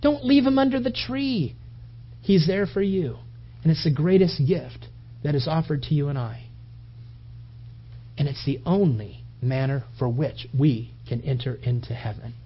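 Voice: medium pitch, unhurried, breathy edge. A pastor preaching a sermon, telling stories animatedly, stumbling and repeating words as he builds up points. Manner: animated storytelling, acts out quoted voices; frequent restarts and repetitions. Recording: dull lo-fi recording.

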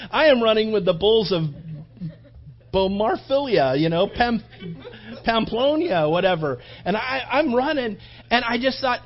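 A man preaching a sermon, telling a personal story in an animated way and acting out his own thoughts. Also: high-pitched, a little slow, muffled recording. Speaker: pastor.

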